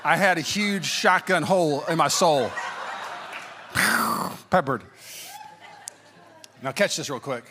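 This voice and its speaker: A man's voice: slow pace, long pauses, background noise. A man in his thirties preaching a sermon, telling personal stories with jokes and acting out quotes in a put-on voice. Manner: animated, jokey, acts out quotes in high-pitched voices. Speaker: pastor.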